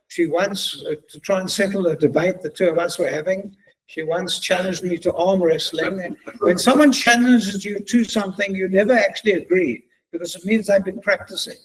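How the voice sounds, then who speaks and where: A man's voice: high-pitched, slightly rough, poor audio. A middle-aged man giving a chatty, joking talk as guest speaker, telling anecdotes. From South Africa. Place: synagogue event hall.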